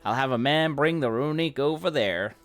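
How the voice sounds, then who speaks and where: A man's voice: mid-range voice, expressive, normal speed, faint music behind, lightly acted. A man putting on a Southern drawl to read a friendly frontier stable hand in a game. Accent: put-on American Southern drawl. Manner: drawling, folksy.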